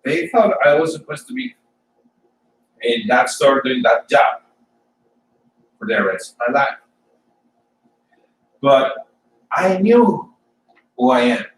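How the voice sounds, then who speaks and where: A man from Colombia, giving an informal sermon and personal testimony for a church service, halting and often repeating words as he tells his story. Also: mid-range voice, sing-song, echoey room, distant mic, low-quality recording. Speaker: church speaker.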